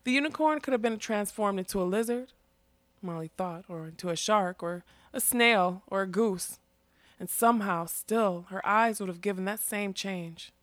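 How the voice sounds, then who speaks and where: A woman narrating a fantasy story in a steady, expressive reading. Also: medium pitch, moderate pace, no room sound. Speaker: audiobook narrator.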